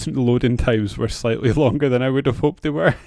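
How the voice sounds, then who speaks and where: A man's voice: mid-range voice, normal speed, dark tone, no room sound, studio quality. A man co-hosting a podcast in casual chat, hesitant, with frequent restarts and laughter. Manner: hesitant, restarts often, laughs between remarks. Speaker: podcast co-host.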